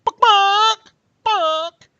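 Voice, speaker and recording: A man voicing an angry, squawking male chicken that barks and clucks loudly. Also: extremely high pitch, very slow, no room sound, highs cut off, pitched above the performer's own voice, exaggerated voice.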